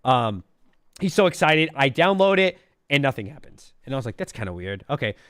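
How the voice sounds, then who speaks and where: A man's voice: on the high side, animated, a little fast, fairly bright tone, smooth, no echo, studio quality. A man in his thirties calling in, telling a story in casual chat, full of "bro" and "dude" and imitating alert sounds. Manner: says "bro" and "dude" a lot. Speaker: caller.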